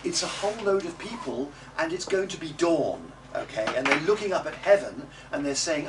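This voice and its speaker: A man teaching a music class, coaching the group and modelling words slowly and loudly for them to repeat. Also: fairly high pitch, animated. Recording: distant mic with noisy room ambience.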